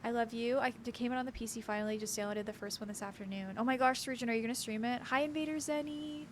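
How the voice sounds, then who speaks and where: A woman's voice: a little high, steady tone, fast talker, a little hiss or hum. A young woman streaming a horror game, chatting with viewers and reading in-game notes aloud. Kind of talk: casual game commentary with read-aloud notes.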